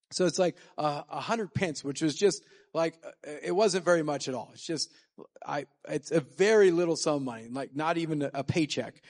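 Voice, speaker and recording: A man's voice: a little high, a little fast, darkish tone. A man teaching from scripture in a casual sermon, reading verses and explaining them conversationally. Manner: conversational, with fillers and restarts. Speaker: Bible teacher.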